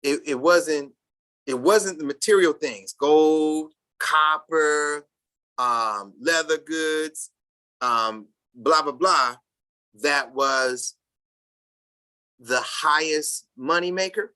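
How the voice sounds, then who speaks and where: A Sabbath class teacher reading a text aloud to a class and commenting on it, speaking haltingly with many restarts and bursts of loud emphasis. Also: medium pitch.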